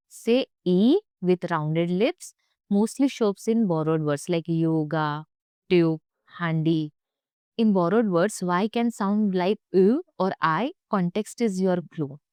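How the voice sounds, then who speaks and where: A woman's voice: on the low side, warm tone, clean tone, dry recording, studio quality. A young woman teaching German pronunciation, speaking carefully and repeating each sound for learners. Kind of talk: pronunciation lesson.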